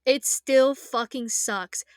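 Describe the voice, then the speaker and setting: A woman's voice: sits high, slow pace, dry recording, studio quality. A young woman in a casual, emotional rant as an anime fan, passionate and rambling, swearing freely and trailing off into fillers.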